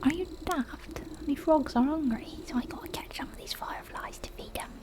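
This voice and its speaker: A man's voice: very high-pitched, normal speed, pitched above the performer's own voice. A woman voicing a cheeky, scruffy boy who hoards frogs, talking brash and slangy in a whispered role-play.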